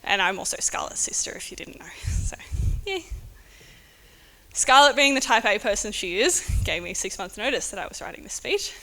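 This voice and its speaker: A woman's voice: medium pitch, big pitch swings, normal speed, sharp tone. A woman, the bride's sister, giving an unscripted wedding speech on a handheld mic, nervous, giggly and close to tears. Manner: nervous, giggly, tearful, chatty. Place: indoor wedding reception venue.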